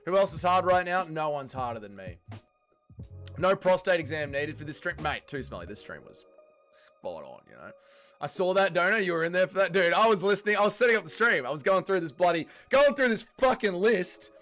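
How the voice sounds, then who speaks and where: A man's voice: high voice, animated, brisk, fairly bright tone, soft background music. A man with an Australian accent hosting a livestream, answering chat comments in sweary, joking banter. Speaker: livestream host reading chat.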